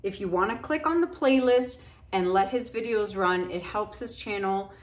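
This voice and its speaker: A middle-aged woman talks straight to her viewers about her painting channel, relaxed and chatty. She thanks people warmly and drops in plenty of ums and uhs as she goes. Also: mid-range voice, moderate pace. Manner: chatty, thankful, loose with fillers. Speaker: acrylic pour painting channel host. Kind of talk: casual chat to viewers.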